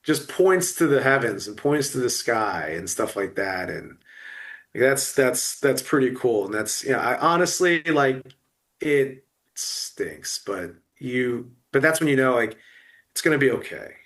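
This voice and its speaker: A man's voice: medium pitch, expressive, fairly bright tone. A middle-aged man talking about loss in an emotional podcast conversation, full of restarts and fillers. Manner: halting, many restarts and fillers. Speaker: guest.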